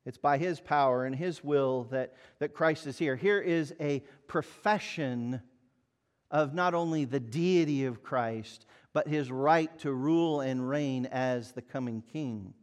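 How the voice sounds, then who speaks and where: A man's voice: mid-range voice, a little slow. A man preaching a sermon in an earnest, emphatic way, asking the listeners pointed rhetorical questions. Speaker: pastor.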